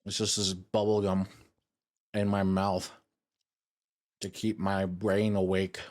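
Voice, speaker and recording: A man's voice: sits low, flat delivery, slow pace, a little mellow. A young man streaming as a VTuber, chatting casually with his viewers in a rambling, jokey way while drowsy after a meal, into a streaming microphone. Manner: rambling and jokey, addressing chat. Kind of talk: casual live-stream chat.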